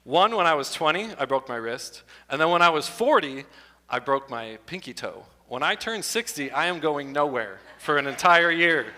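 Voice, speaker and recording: A man in his fifties doing stand-up comedy in a church hall, animated and jokey, often breaking into silly voices. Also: a little high, normal speed. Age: 50s. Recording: echoey hall.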